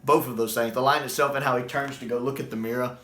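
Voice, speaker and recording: A man giving casual, enthusiastic fan commentary, getting animated when he quotes lines. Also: mid-range voice, fast talker, a little hiss or hum. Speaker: YouTube commentator. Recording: roomy echo.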